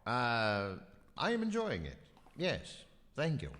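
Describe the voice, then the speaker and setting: A haughty Italian tourist with a swooping voice. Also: male voice, medium pitch, huge pitch swings, slow, a bit bright, exaggerated voice. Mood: evasive. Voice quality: clipped, dismissive. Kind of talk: video game voice acting. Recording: reverberant game audio with music.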